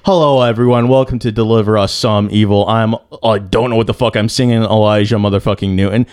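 A man's voice: fairly low pitch, steady tone, brisk, a little mellow, clean tone, dry recording, clean studio sound. A young man hosting a casual true-crime podcast, joking and swearing as he tells the story. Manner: joking, profane, playful, breaks into silly singing. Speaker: podcast host.

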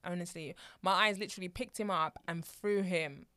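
A woman's voice: lowish voice, normal speed, sharp tone, no room sound, studio quality. A woman in her thirties co-hosting a casual podcast, chatty and mock-indignant, often laughing. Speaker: podcast co-host. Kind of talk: casual chat.

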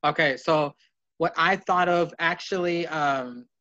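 A man's voice: fairly high pitch, a little slow, pushed and bright. A man co-hosting a casual wrestling podcast, rambling and profane, acting out what the wrestlers would say. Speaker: podcast co-host. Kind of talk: casual chat, wrestling fantasy booking. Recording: dull lo-fi podcast audio.

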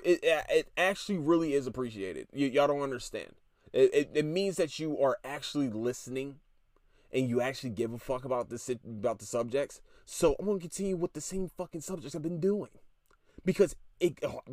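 A man's voice: on the high side, no echo, clean studio sound. Irritated profane man ranting on a podcast. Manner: irritated, profane, rapid restarts and stammers. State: tired. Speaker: podcast host. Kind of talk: casual ranting monologue.

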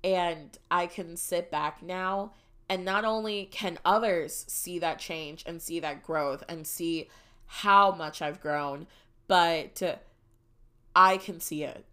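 A young woman hosting a podcast, telling a personal story in a casual, animated and dramatic way. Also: fairly low pitch, slow. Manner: animated and dramatic, shrieks when reliving moments. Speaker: podcast host.

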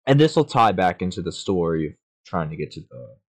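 A young man co-hosting a podcast, telling an absurd story in a halting, deadpan way. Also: sits low. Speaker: podcast co-host.

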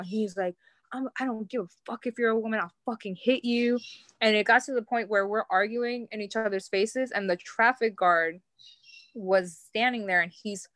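Young New York woman, chatty podcast guest, dry close mic, mid pitch, leans on 'like'. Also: sharp tone, no room sound. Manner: storytelling with heavy 'like' fillers. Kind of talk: casual chat.

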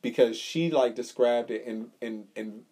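A man's voice: mid-range voice, a little slow, mellow. A man co-hosting a casual podcast chat, telling a story with swearing and acting out the quotes. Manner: storytelling, profane, acts out quotes. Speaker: podcast co-host.

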